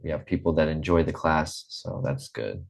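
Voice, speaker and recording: A man from the American Midwest teaching an online English class, speaking slowly and clearly and often checking in with "okay". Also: rumbling low. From Midwest United States.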